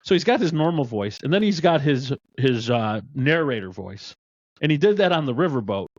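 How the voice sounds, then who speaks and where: A man's voice: mid-range voice, sing-song, moderate pace, no echo, lo-fi sound. A man hosting a podcast in casual, rambling chat, laughing easily. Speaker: podcast host.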